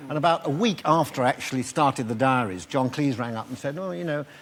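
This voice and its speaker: A man's voice: mid-range voice, brisk. An older man, a talk show guest, telling a modest, self-deprecating story with a chuckle.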